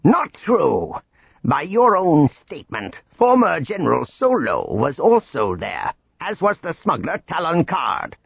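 A man doing a shrill accusing alien politician. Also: huge pitch swings, unhurried, vocal fry, husky, no echo, muffled recording, exaggerated voice.

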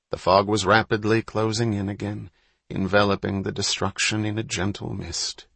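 A man reading an audiobook in a measured, unhurried storytelling manner. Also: low-pitched, vocal fry, fairly bright tone, breathy edge, no echo. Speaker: audiobook narrator. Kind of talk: scripted narration.

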